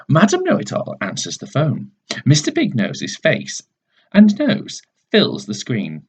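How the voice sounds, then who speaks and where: A man, a teacher, reading a chapter of a class novel aloud with expressive storytelling. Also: a little high, a little slow, husky. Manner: expressive storytelling, soft asides. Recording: dull lo-fi recording.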